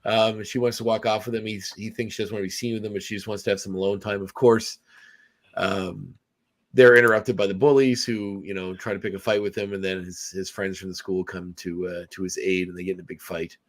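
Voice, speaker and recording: A man's voice: on the low side, steady tone, brisk. A man hosting a podcast, casually recapping a film with many fillers and restarts. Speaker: podcast host. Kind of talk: casual movie review chat.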